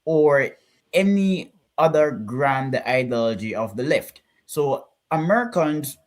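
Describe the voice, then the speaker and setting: A man's voice: mid-range voice, expressive, takes it slowly. Man lecturing earnestly. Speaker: podcast panelist. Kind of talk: casual political commentary.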